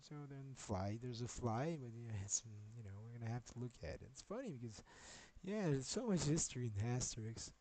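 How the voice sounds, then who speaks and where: A man talks at a middle pitch in a loose, rambling stream monologue. He jumps between thoughts, swears often and grows agitated, with a faint hiss of noise underneath. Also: lively intonation, a little fast, few pauses, dark tone, rough recording.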